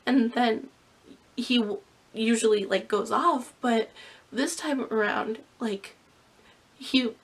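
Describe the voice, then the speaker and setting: A young woman vlogger, tearful and earnest, rambling through an emotional rant with many fillers. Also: a little high. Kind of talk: reaction vlog rant.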